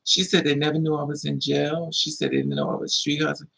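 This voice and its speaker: A man's voice: a little high, very animated, a little fast, creaky, fairly bright tone, breathy edge, rough recording. A man hosting a livestream tells a personal story to his viewers, casual, blunt and profane, with a lot of feeling in it. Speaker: livestream host.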